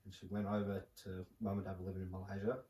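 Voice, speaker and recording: A young man, a podcast guest telling a personal story in a halting, soft-spoken way with many fillers. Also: deep voice, monotone. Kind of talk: casual podcast conversation. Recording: roomy, distant mic with faint noise.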